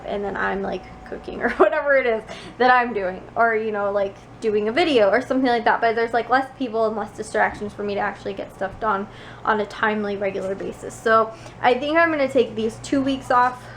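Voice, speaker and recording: In a noisy recording from her bedroom at night, a young adult vlogger from the Chicago suburbs rambles casually to the camera, full of filler words. She speaks briskly in a mid-range voice.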